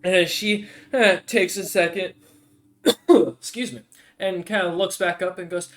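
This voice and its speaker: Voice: medium pitch, fairly even intonation, a little slow, long pauses, fairly bright tone. A game master narrating a tabletop game in a loose, rambling way, laughing and swearing casually.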